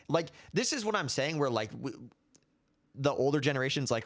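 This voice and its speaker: Ranting young man with lively pitch. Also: normal speed. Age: 20s. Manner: heated, ranting, repeats himself. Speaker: commentary show host. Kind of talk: casual opinion commentary.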